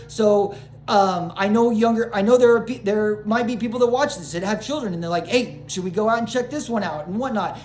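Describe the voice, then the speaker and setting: A woman's voice: medium pitch, darkish tone. Rambling, agitated woman vlogger in an echoey room. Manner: agitated, rambling, with frequent restarts and swearing; apologetic asides to viewers. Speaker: small-channel vlogger. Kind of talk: unscripted rant to camera. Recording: roomy echo.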